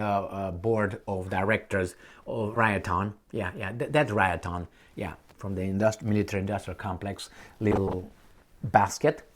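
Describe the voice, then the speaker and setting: A man delivering a heated political opinion monologue, blunt and sarcastic, firing off rhetorical questions. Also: medium pitch. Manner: combative, blunt. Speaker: political commentator.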